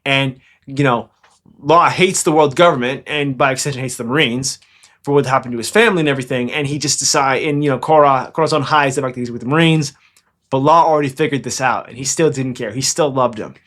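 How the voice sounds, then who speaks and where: A young man hosting a fan commentary channel, talking fast and excitably in a rambling, casual way. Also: medium pitch. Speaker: anime commentary channel host.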